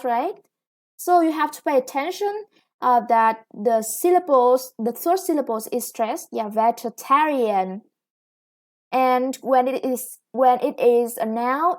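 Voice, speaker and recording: A woman English teacher with a Vietnamese accent, explaining grammar in a recorded lesson, slow and patient with many "yeah" and "okay". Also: on the high side, darkish tone.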